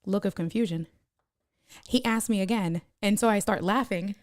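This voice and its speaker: A woman chatting on her live stream, telling a lively story, laughing often and reading viewer comments aloud. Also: mid-range voice, moderate pace, dry recording, clean studio sound. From United States. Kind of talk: casual live-stream chat.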